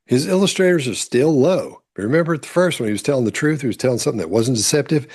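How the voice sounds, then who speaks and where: A man commenting on courtroom testimony, explaining calmly step by step. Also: medium pitch, fast, slightly rough. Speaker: body-language commentator.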